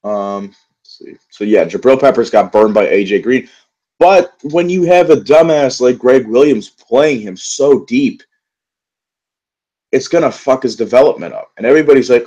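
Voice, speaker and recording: A man's voice: mid-range voice, normal speed, dark tone, dull audio. A young man in a solo football recap vlog, frustrated and profane, rambling with many fillers and restarts. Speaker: sports vlogger. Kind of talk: angry solo football rant.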